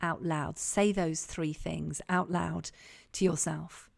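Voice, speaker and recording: A woman leadership coach guiding an online group session, calm and encouraging, repeating her key questions. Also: sits low, slow pace, vocal fry. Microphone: online call.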